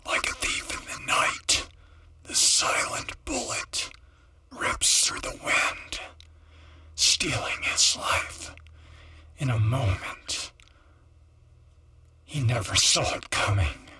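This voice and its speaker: A man doing whispered narration of a tense story in a hushed, dramatic way. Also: mid-range voice, huge pitch swings, slow pace, long pauses, recorded from a distance. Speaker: podcast narrator.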